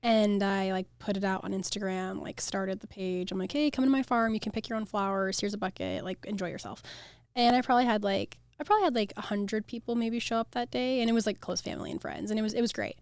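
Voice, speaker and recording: A young woman with an American accent, a flower farm owner chatting as a guest, animated and full of "like" fillers. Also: medium pitch, quick pace, smooth, no room sound. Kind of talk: casual interview chat.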